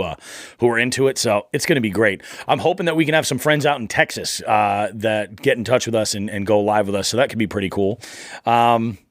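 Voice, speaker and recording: A man's voice: medium pitch, dry recording, studio quality. A middle-aged man hosting a fishing podcast, chatting upbeat and rambling with plenty of fillers. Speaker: podcast host. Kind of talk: casual fishing podcast chat.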